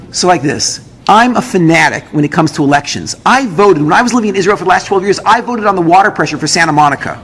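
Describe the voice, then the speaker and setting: Guy telling a story, high voice jumping all over, big echoey hall. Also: fast, hardly any pauses. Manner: lively, acts out dialogue with big pitch jumps. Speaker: rabbi telling a personal story. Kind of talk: animated storytelling talk. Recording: roomy hall with long reverb, faint noise.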